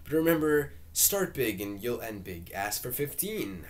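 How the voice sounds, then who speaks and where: Aging salesman, pushy and quick-tempered, loud insistent lecturing; a man reads it in an amateur read-through. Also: medium pitch, sing-song.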